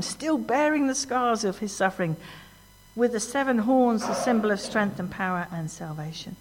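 A woman preaching a sermon in a church, animated and emphatic, often asking the congregation questions. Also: medium pitch, normal speed. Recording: long hall reverb.

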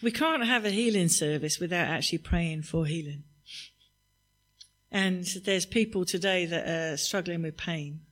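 A man, a pastor, gently encouraging the congregation to pray for healing at their tables. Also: high voice, measured pace. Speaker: pastor leading a healing service. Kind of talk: sermon.

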